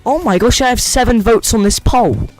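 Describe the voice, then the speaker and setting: A man's voice: very high voice, moderate pace, faint music behind. A young American man streaming a game-building session, chatting with viewers in a rambling, playful way. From United States. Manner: rambling and playful, reads chat aloud. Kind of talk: casual chat with live viewers.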